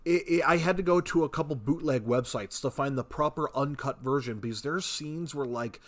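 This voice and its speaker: A man's voice: on the high side, brisk. A man co-hosting a podcast in casual chat, laid-back and swearing freely, often stumbling over his words. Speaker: podcast co-host.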